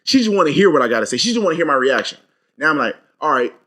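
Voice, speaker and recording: Fast-talking emphatic young man venting. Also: fairly high pitch, big pitch swings, a bit bright. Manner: emphatic, profane, venting storyteller. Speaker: podcast co-host. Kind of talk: casual chat.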